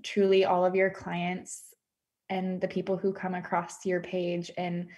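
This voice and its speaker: A woman's voice: fairly low pitch, completely flat delivery, unhurried, darkish tone. A woman, a former client appearing as a podcast guest over a video call, speaking in an effusive way and filling her talk with "like". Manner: effusive, says "like" often. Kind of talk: casual conversation.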